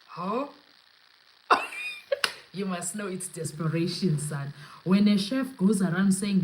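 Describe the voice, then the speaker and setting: Her voice lowish and unhurried, this young South African podcast host riffs casually on a live stream, moving between English and Zulu with lots of laughter and animation. There's noticeable noise in the background.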